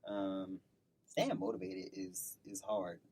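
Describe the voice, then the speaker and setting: A woman's voice: rumbling low, takes it slowly, warm tone, a little hiss or hum. A young adult woman co-hosting a casual podcast, playful and joking, sometimes slipping into sing-song. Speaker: podcast co-host. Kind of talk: casual chat.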